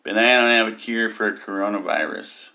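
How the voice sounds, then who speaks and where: A sharp-toned, brisk man with fairly even intonation rants at the camera about religion as an atheist vlogger. He mocks it, fills his speech with ums, and mimics others in high cries.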